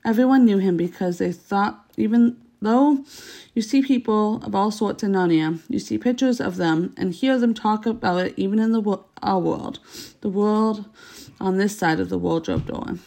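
A woman's voice: medium pitch, moderate pace, creaky, warm tone. A woman reading a children's story aloud, unpolished, with stumbles and self-corrections.

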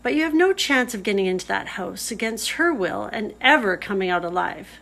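A woman reading aloud, voicing a motherly, kindly female beaver with a gentle, homely way of talking. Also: mid-range voice, expressive, brisk, gravelly, low-quality recording.

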